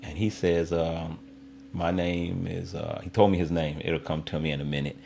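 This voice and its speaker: A middle-aged man from Israel, an interview guest and basketball coach, telling a story in a relaxed conversation and acting out the voices of the people in it. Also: deep voice, normal speed, creaky, a little hiss or hum. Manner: lively raconteur who acts out quoted voices.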